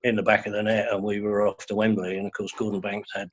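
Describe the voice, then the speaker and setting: An older man chatting as a guest, telling wry, measured stories in a husky voice. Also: lowish voice, level tone. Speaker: guest fan. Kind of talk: casual chat.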